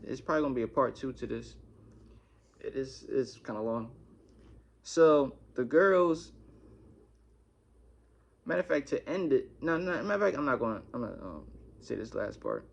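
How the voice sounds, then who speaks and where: A young man telling a storytime vlog in an animated, slangy way, cursing a lot. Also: medium pitch, moderate pace, gravelly, long pauses. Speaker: vlogger.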